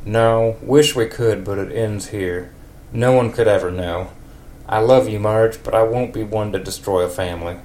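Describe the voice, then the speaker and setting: A man's voice: fairly low pitch, normal speed, darkish tone, close to an everyday voice. Ned, a man doing a country drawl. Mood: reassuring. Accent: put-on rural American. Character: earnest country neighbor man, devoted.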